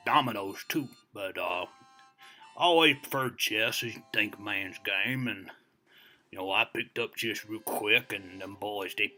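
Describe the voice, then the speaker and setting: A man's voice: fairly low pitch, pushed and bright. A man playing a very old, boastful American storyteller who rambles and digresses in a folksy way, full of "you know" fillers. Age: over 60. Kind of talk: comedic character monologue.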